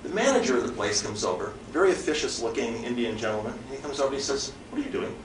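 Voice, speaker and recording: A man, a mystery author, telling a comic travel story to a theatre audience, animated and laughing as he acts out scenes. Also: medium pitch, quick pace. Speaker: mystery author, interview guest. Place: theatre before a live audience. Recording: echoey theatre, far mic, audience noise.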